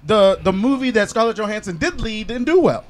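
A man's voice: high-pitched, expressive, brisk. A man co-hosting a casual podcast chat, arguing his point, laughing often and repeating himself. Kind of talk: casual debate among friends.

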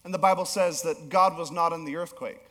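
A male pastor preaching a sermon, telling a story with animated swings between emphatic peaks and low, soft passages. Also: brisk. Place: church auditorium. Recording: long hall reverb.

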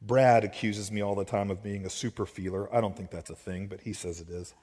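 A man's voice: lowish voice, steady tone, brisk, darkish tone. A male pastor, preaching a heartfelt sermon. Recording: long reverb of a large hall.

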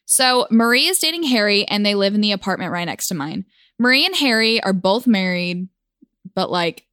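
A woman casually telling a personal story, with wry, deadpan asides. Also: medium pitch, no echo, studio quality.

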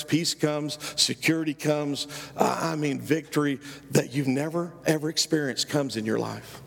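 A middle-aged male pastor preaching a sermon, emphatic and rising loud on key phrases. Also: mid-range voice, gravelly. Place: church sanctuary. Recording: church hall with long reverb.

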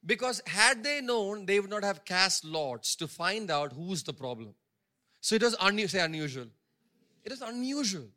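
A man's voice: high voice, lively intonation, normal speed, sharp tone. A male pastor preaching a sermon, stressing points by repeating phrases and acting out the characters' words in his own voice. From India.

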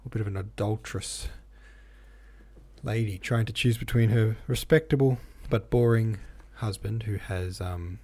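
A man's voice: on the low side, steady tone, unhurried, a little mellow, no room sound. A man reading a classic novel aloud and musing on it, thoughtful and a bit hesitant. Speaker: reader and discussion leader.

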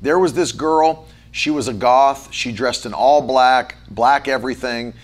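A man's voice: mid-range voice, a little slow. A man preaching a sermon as pastor, moving between a chatty storytelling tone and emphatic, rhythmic lists of repeated words. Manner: conversational storytelling with fillers.

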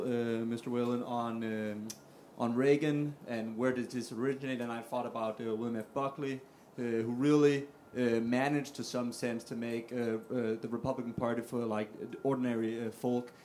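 A man's voice: medium pitch, steady tone, normal speed, hardly any pauses, darkish tone, slight background noise. A man from Denmark in a lecture hall audience, asking a long question with many hesitations into a handheld mic.

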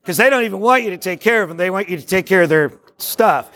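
A man giving a live workshop talk to a group, excitable and rambling, jokey and preacherly, in a meeting room. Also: high voice, fast talker. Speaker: workshop speaker on discipleship.

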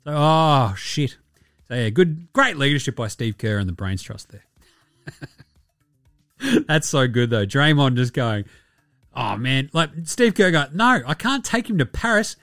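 A man's voice: mid-range voice, very animated, slow, pauses often, a bit bright, no echo, studio quality. An Australian man hosting a basketball podcast, in casual, profane and rambling commentary. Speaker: podcast host.

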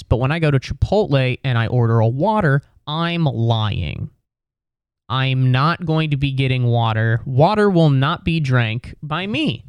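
A man's voice: mid-range voice, clear, resonant tone, dry recording, studio quality. A man telling a rambling, exasperated comedic story in a casual, profane rant.

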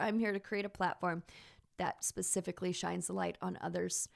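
A woman's voice: lowish voice, fairly even intonation, normal speed, creaky. A woman from Texas hosting a podcast, talking in a chatty, effusive, rambling way with plenty of "like" and "um.". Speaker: podcast host. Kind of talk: casual podcast monologue.

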